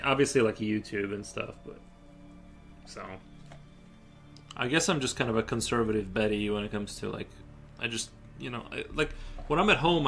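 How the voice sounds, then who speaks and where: A young man talks casually while drawing on a live stream, rambling and restarting his sentences. His voice has a gravelly, fry-laden edge at an ordinary pitch. Soft music plays faintly underneath. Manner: rambling, hesitant, many fillers and restarts.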